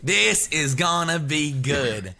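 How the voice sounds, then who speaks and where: Lively, excitable male player. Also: fairly high pitch, slow, gravelly, over loud music. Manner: excitable, playful. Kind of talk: casual game chat.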